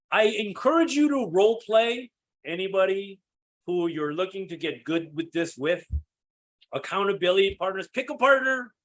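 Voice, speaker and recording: A man leading a live sales coaching session, energetic and checking in with his listeners as he acts out sample calls. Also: sits high. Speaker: sales team trainer.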